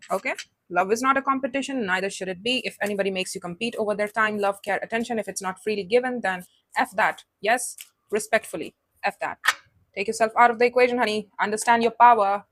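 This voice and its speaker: A woman's voice: on the high side, a bit bright, dry recording. Woman giving a chatty tarot reading. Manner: conversational, calls listener honey, asks tag questions. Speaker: tarot reader.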